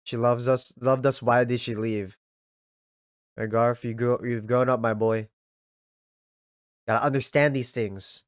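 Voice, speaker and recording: A young man giving casual, excitable reaction commentary, laughing often and reading lines aloud in a slangy way. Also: mid-range voice, unhurried, pauses often, no echo, studio quality. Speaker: anime reaction youtuber.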